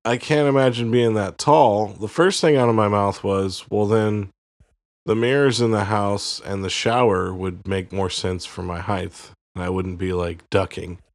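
Gravelly, low-voiced man telling stories. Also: steady tone, measured pace, dry recording, studio quality. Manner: rambling storyteller, teasing. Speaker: podcast co-host. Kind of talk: casual chat.

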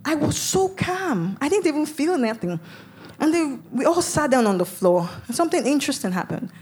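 A woman's voice: high voice, sing-song, moderate pace, a little mellow. A woman preacher telling her testimony in a sermon, dramatic and vivid, with sudden emphatic bursts. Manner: speaks in tongues.

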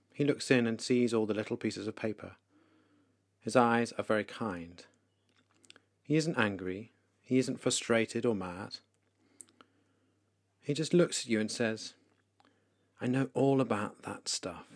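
A man leading a guided meditation for listeners, speaking slowly, calmly and softly with pauses. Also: medium pitch, dry recording, studio quality. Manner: slow, calm, soft-spoken with pauses. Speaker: devotional leader.

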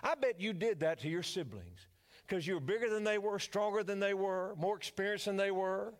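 An older pastor with a Louisiana accent preaches a sermon in a folksy, joking style. His voice sits high for a man, and he speaks to the congregation as a storyteller. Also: expressive, normal speed.

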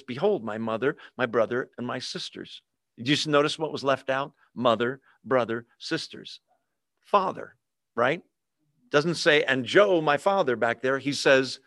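A man preaching a sermon, animated and teasing, asking rhetorical questions and acting out quotes. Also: medium pitch, no echo, clean studio sound.

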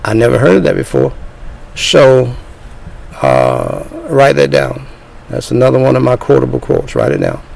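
A man preaching a sermon in a combative, lecturing way, dropping now and then into low, threatening asides. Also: huge pitch swings, normal speed, creaky, darkish tone, slight background noise, poor audio.

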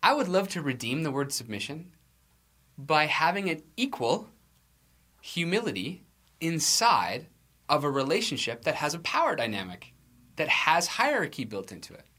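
A man's voice: on the high side, big pitch swings, normal speed, sharp tone. A man preaching a sermon to his church in a conversational, self-deprecating way, with restarts and light laughs. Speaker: pastor.

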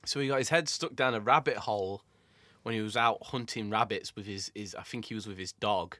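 A man's voice: lowish voice, fairly quick, pushed and bright, no room sound, studio quality. A young man from Doncaster, co-hosting a casual podcast chat, laid-back and laughing easily as he swears his way through stories. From Doncaster, England. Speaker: podcast co-host.

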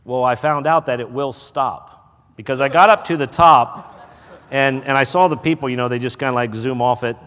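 A middle-aged man preaching a sermon, telling a folksy personal story before rising into loud preaching. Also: medium pitch, normal speed, smooth. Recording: hall reverb.

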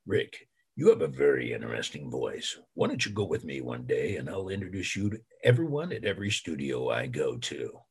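A man impersonating a deep, booming trailer announcer. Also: big pitch swings, a little fast, a little mellow, husky, exaggerated voice. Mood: inviting. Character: deep-voiced famous male trailer announcer.

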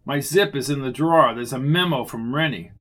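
A man's voice: medium pitch, fairly quick, fairly bright tone, lightly acted. A man reading the lines of a grumpy, sarcastic male detective in a clipped manner. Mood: gruff sardonic.

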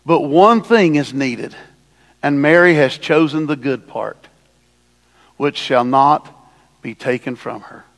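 Male pastor, sermon, fairly high voice, dramatic loud-and-soft swings, long church reverb. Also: gravelly. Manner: lively preaching, dramatic voice swings from loud to hushed. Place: church sanctuary.

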